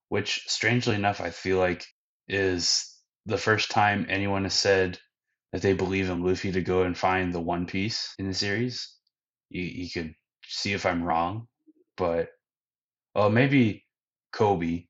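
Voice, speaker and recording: Low-voiced man rambling through a recap. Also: fairly even intonation, measured pace, fairly bright tone. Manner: rambling, filler-heavy storytelling. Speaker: podcast host recapping anime episodes. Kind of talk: casual chat. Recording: dull lo-fi podcast audio.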